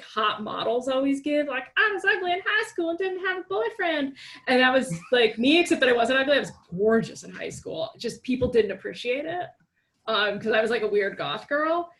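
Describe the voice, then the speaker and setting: A woman's voice: fairly high pitch, fairly bright tone. A woman in her thirties chatting casually, candid and playful, laughing easily. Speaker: writer and reporter. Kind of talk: casual chat.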